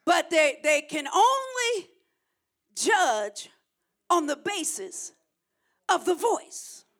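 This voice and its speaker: Lady preacher giving a sermon, really high voice, call and response stuff. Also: big pitch swings, drawn-out words, a bit bright.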